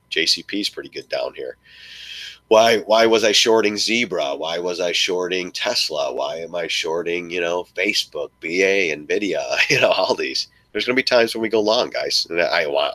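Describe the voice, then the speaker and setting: A man hosting a casual live stream about stock trading, rambling with repeated words and restarts, sometimes yelling in a mocking high voice. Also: dry recording. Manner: mocks frustrated traders in a shrill yelling voice.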